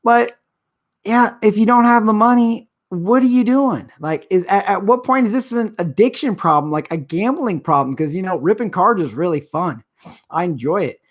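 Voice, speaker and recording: A man's voice: sits high, expressive, moderate pace. A middle-aged man hosting a live stream, ranting in an agitated, rambling way. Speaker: show host. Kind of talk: casual live-stream rant.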